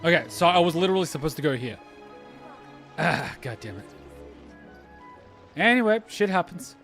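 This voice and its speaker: Male gameplay reactor, slightly high voice, sarcastic, heavy swearing, faint game music behind. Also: expressive, a little fast, creaky, a bit bright. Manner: sarcastic, swears often, exasperated outbursts. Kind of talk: casual gameplay commentary.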